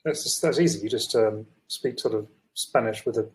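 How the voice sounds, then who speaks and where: A man joining a live trading stream remotely as co-host, quick with dry jokes. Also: on the low side, darkish tone. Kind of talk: casual livestream chat. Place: remote in Dubai.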